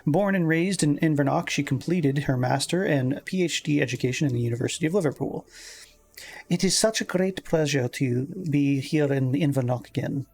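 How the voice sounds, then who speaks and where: A woman's voice: deep voice, moderate pace, a little mellow, soft background music. A man voicing a prim middle-aged Scottish woman reading a formal announcement, with an airy lilt. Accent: put-on Scottish.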